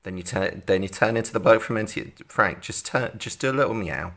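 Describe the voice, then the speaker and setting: A man's voice: on the low side, a little fast, gravelly, fairly bright tone. A man co-hosting a livestream, coaxing and pleading in a mock-exasperated way. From Britain. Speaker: livestream co-host. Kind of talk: casual comic chat.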